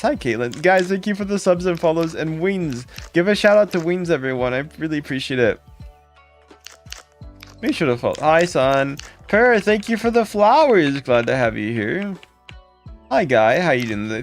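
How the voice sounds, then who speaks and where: A man hosting a casual live stream, thanking and greeting viewers by name in quick upbeat bursts. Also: soft background music. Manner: upbeat, jumps into high excited calls when thanking donors. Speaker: livestream host.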